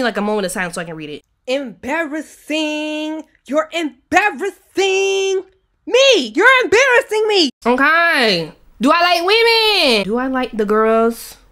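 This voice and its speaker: A woman in her twenties reading out a quiz in a casual, playful chat full of slang and quick asides. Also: a little high, a bit bright. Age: 20s. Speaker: YouTuber.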